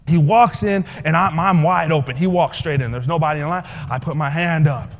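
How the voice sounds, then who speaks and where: A man giving a motivational speech at a live event, telling a story in an animated way and acting out the dialogue. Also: on the high side, fairly quick, in a large hall, a little hiss or hum. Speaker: motivational speaker. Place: large hall, live event.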